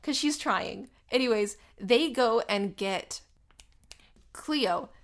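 A young woman casually retelling a movie plot, chatty and animated, full of "like.". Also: a little high, takes it slowly. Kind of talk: casual movie recap chat.

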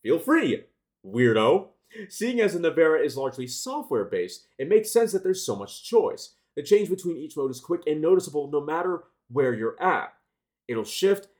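Animated man reading car news. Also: mid-range voice. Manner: reads with frequent restarts and self-corrections.

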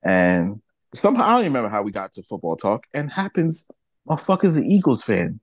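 A man's voice: lowish voice, quick pace, no room sound. A man co-hosting a podcast, ranting in casual banter and swearing freely as he retells stories. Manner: animated, profane ranting with acted-out retellings. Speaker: podcast co-host.

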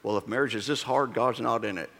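A pastor voicing a doubting country man in a mock rural twang, with a slow, mocking drawl, echoing in a large hall. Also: mid-range voice, creaky, fairly bright tone, voice pushed down. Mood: complaining. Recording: long reverb of a large hall.

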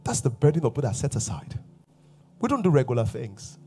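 A man's voice: mid-range voice, big pitch swings, fast, warm tone, faint music behind. A male pastor preaching a sermon emphatically, repeating refrains and sometimes dropping to a whisper.

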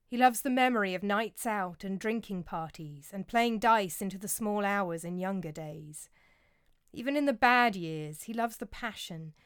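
A woman's voice: medium pitch, normal speed, fairly bright tone, clear, resonant tone, dry recording, clean studio sound. A woman narrating a scripted historical story in a dramatic, vivid way.

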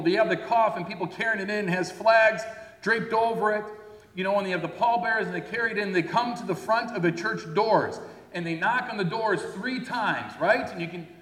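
Male preacher, relaxed conversational sermon delivery, roomy hall sound. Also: high-pitched. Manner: conversational, checks in with the audience. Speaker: pastor. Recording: echoey hall.

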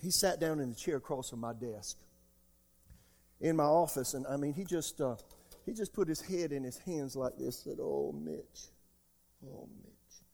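A man in his sixties preaching a sermon as pastor, emphatic, jumping between loud outbursts and quiet asides. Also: on the high side, normal speed. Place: church sanctuary. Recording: long hall reverb.

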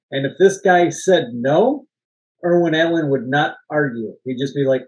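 Guy on a movie podcast, voice a bit high, tells long rambly stories and laughs a lot. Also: animated, normal speed, dull audio. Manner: rambling storyteller, laughs often, swears. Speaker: podcast co-host. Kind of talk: casual movie-discussion chat.

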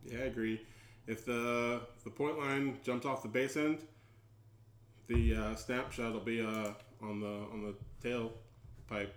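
A man's voice: mid-range voice, fairly even intonation, unhurried. A man co-hosting a casual show, mostly giving short, dry replies. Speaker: co-host. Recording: echoey room.

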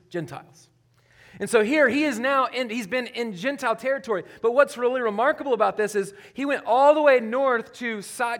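High-voiced man preaching a sermon. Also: fairly bright tone. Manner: conversational preaching, voice rising on questions and dropping low on key points. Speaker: pastor.

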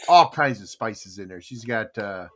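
A man's voice: lowish voice, animated, unhurried, fairly bright tone. A man on a morning show, talking about food in a folksy, rambling way with lots of fillers. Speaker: co-host. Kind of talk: casual morning show chat.

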